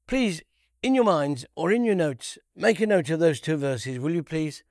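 A man giving a conversational Bible teaching, unhurried, repeating key phrases and asking rhetorical questions. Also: a little high, expressive, a little mellow, no room sound, clean studio sound.

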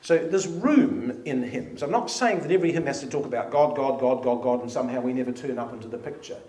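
A man's voice: mid-range voice, fast talker, a little mellow. A man leading a church study meeting, reading hymn and psalm lines aloud with emphasis. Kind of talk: informal Bible study talk. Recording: echoey room with faint hiss.

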